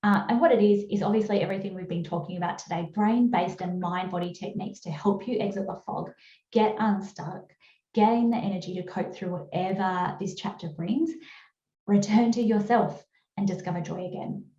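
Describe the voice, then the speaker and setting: A woman's voice: moderate pace, warm tone, lo-fi sound. Upbeat Australian woman, roomy video call. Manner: chatty, upbeat sales pitch with fillers. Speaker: webinar presenter. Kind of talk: webinar presentation.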